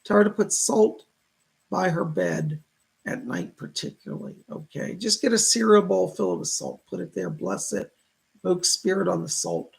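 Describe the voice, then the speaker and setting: A man's voice: high-pitched, normal speed, vocal fry, slightly rough, low-quality recording. A man hosting live-stream psychic readings. He reads viewer messages aloud and relays spirit messages. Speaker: psychic reader, show host.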